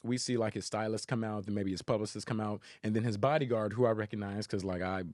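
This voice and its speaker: A man's voice: lowish voice, quick pace. A man from South Los Angeles, a guest actor telling stories in casual chat and acting out what people said, with frequent laughter. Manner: animated storyteller who acts out quotes and laughs often.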